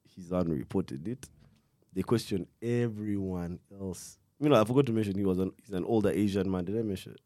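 A man's voice: low voice, brisk, warm tone, no echo. A young man telling a true crime story in casual chat, rambling with slang and restarts, stopping now and then to cough. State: coughing fits.

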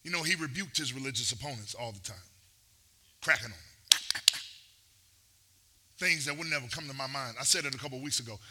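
A man's voice: medium pitch, fairly quick, pauses often, heavy background noise. A man preaching a sermon, mixing playful asides and acted-out quotes with rising, intense delivery. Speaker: pastor.

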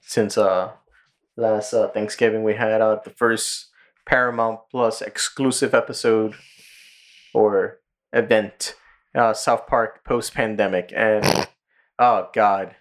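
A man's voice: fairly low pitch, fairly even intonation, takes it slowly. A man co-hosting a casual pop-culture podcast, swearing freely and retelling scenes with lots of fillers. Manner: profane, rambling, retells scenes with filler words. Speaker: podcast co-host.

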